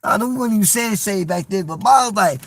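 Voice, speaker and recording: A man's voice: high voice, fast, gravelly, a bit bright, a little hiss or hum. A young man telling a personal story in casual slang, acting out the voices of the people he quotes.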